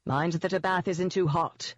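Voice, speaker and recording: A reader voicing a disapproving older male witch healer in an audiobook, curt and gruff. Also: mid-range voice, fairly even intonation, normal speed, dry recording, natural voice. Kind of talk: audiobook character voice. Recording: dull, dry lo-fi audio.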